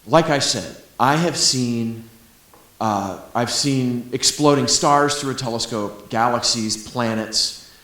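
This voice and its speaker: Middle-aged male astronomer lecturing; eager, chatty, self-mocking; mid-pitched; roomy lecture-hall echo. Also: takes it slowly, sharp tone. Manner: enthusiastic and chatty, with humorous asides. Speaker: astronomer giving a public talk. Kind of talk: public lecture. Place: library lecture room.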